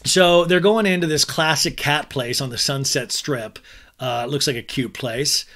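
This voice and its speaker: A man's voice: on the high side, a little slow, a bit bright. A man hosting a podcast, giving a chatty, crude comedic recap of a reality show. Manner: chatty and crude, acting out the cast's lines in mock voices.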